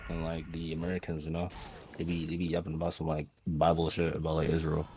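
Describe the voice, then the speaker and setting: A man's voice: a bass voice, completely flat delivery, fast, noisy background. A young man calling in to a livestream, blunt and slangy, repeating "all right?" as he talks. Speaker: caller. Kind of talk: casual call-in banter.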